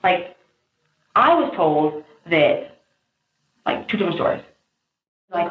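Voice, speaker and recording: Woman talking fast in a police interview. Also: fairly low pitch. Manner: animated, pressured speech. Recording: tinny, echoey interview room audio.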